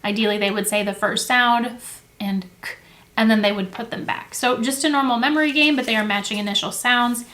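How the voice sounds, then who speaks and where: A woman's voice: a little high, steady tone, fast talker, few pauses, a bit bright. A young woman teacher talking casually and in a friendly way to camera as she explains classroom activities. She fills her talk with "um" and "like" and often corrects herself. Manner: friendly and chatty, with filler words and self-corrections. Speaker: teacher and education video host. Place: indoors at a table with materials. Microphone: camera close to the table.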